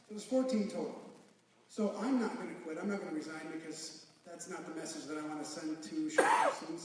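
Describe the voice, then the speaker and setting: An earnest man pours feeling into his words at a public forum, his voice pitched high. He is recorded from a distance in a big auditorium, with heavy echo and a faint hiss behind him. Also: darkish tone. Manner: emotional and earnest. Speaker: school board member. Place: large school auditorium. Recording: echoey hall from far off.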